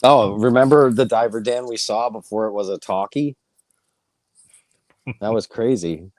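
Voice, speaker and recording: A man's voice: fairly low pitch, unhurried, a little mellow, dry recording. A man chatting casually as a podcast co-host, making playful, joking asides. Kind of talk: casual chat.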